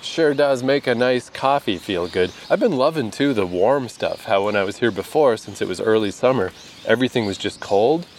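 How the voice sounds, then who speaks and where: A man's voice: lowish voice, expressive, moderate pace, slight background noise. Chatty Canadian man vlogging outdoors. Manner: chatty, laughs often, swears casually. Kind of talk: casual vlog monologue. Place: outdoors in rain.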